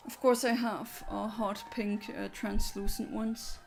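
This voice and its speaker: A woman's voice: mid-range voice, level tone, measured pace, gravelly, darkish tone, faint music behind. A woman chatting casually with her viewers during a game livestream, rambling and answering chat. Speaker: streamer.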